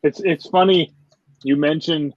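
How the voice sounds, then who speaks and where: A man's voice: on the high side, fairly even intonation, unhurried, no room sound. A man with an Upper Michigan accent hosting a casual podcast interview, easygoing and asking follow-up questions. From Upper Michigan, USA. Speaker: podcast host. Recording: dry, muffled lo-fi audio.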